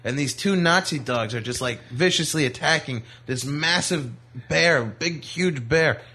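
Male comic guest, bright, slightly high voice, rambling anecdotes. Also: measured pace, slightly rough. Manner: animated, rambling, jokey. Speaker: comedian guest. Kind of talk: casual radio chat, storytelling. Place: radio studio.

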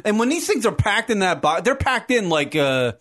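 A man's voice: sits high, big pitch swings, moderate pace, fairly bright tone. A man, co-hosting a casual podcast and telling a profane, rambling story with frequent laughs. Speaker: podcast co-host. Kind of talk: casual chat.

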